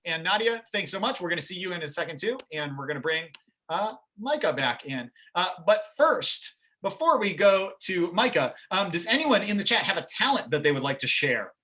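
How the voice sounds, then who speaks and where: A man's voice: high-pitched, sing-song, a little fast, pushed and bright. A man hosting a livestreamed game show over a video call, upbeat and jokey.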